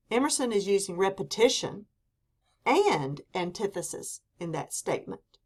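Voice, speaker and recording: A woman teaches a lesson at an unhurried pace, her voice sitting in a middle range. She reads out examples slowly and with emphasis, one clear point after another. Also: mid-range voice, lively intonation. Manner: slow, deliberate delivery with quoted examples read for emphasis. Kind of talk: classroom lecture.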